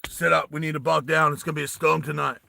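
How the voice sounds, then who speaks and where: A man's voice: on the high side, level tone, fast talker, creaky, bright, forceful tone, dry recording, studio quality, heavily acted. A man voicing a tough, commanding male action-hero leader, barking urgent orders in a raised voice.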